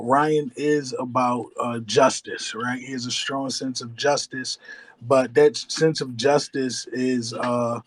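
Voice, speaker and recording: Man, mid pitch, rambling explainer on a group call, leans on fillers. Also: rough recording. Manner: rambling, fills with "you know what I mean". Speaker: crypto project lead. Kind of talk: casual group voice chat.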